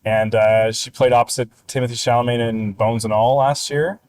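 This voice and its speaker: A man's voice: mid-range voice, fairly even intonation, normal speed, darkish tone, clear, resonant tone, rough recording. A man co-hosting a casual movie chat, rambling through his picks and laughing easily at himself. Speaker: podcast co-host.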